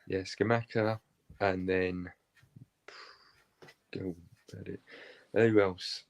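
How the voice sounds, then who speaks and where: A man on a football chat panel, jokey and hesitant, thinking his predictions through out loud. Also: low voice, fairly even intonation, extremely slow, creaky. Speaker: regular panelist.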